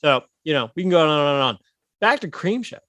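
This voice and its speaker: A man in his thirties co-hosting a comedy podcast, telling animated stories and swearing freely. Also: fairly high pitch, quick pace, dry recording. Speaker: podcast co-host. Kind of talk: casual comedic chat.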